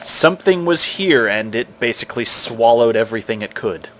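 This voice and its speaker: A man's voice: mid-range voice, animated, moderate pace, a bit bright. A man running a tabletop game as dungeon master, narrating in a laid-back way.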